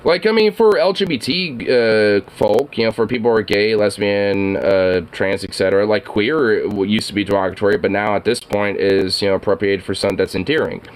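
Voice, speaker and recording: A man's voice: lowish voice, a little fast, few pauses. A man hosting a reaction video, rambling casually with swearing, frequent laughs and many fillers.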